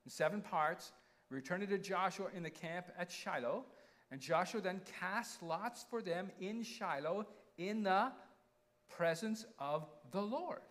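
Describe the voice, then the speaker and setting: A man's voice: sits high, a bit bright. A man preaching a conversational sermon, often checking in with the congregation by name. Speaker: pastor.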